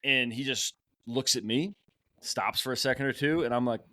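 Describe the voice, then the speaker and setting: A man telling a hunting tale on a podcast, lively, with a bright, forceful tone. He jumps into raised voices to replay what was shouted. The recording is dry and close. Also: mid-range voice, moderate pace, no room sound. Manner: animated, acts out shouted quotes. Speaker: podcast host. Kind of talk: casual storytelling.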